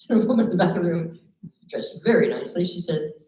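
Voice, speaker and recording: Woman motivational speaker, animated storyteller, echoey room, muffled recording. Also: fairly low pitch, normal speed. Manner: lively storyteller, acts out quoted people. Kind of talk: live talk to an audience with slides. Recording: echoey room, dull lo-fi sound.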